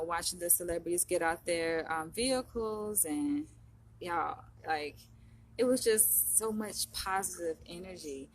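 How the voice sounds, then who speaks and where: Chatty woman vlogger, lower voice. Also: a little hiss or hum. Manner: chatty, rambling, full of fillers. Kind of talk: casual chat to camera. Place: in Los Angeles.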